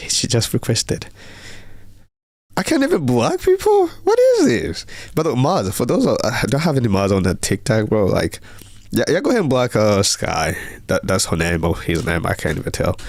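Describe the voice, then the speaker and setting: A man's voice: on the low side, no room sound. A young man hosting a casual livestream, rambling and repeating himself as he reads viewer comments aloud. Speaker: livestream host.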